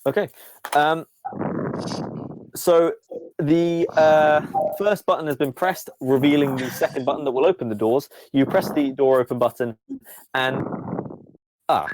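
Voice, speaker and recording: A man's voice: a little high, unhurried, long pauses, background noise. A man narrating a tabletop game as game master, with a rambling, playful delivery full of fillers.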